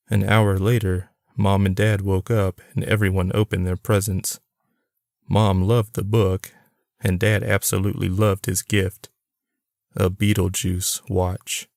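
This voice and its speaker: Low gravelly male audiobook narrator. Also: little pitch movement, measured pace, darkish tone, dry recording, clean studio sound. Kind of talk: scripted narration.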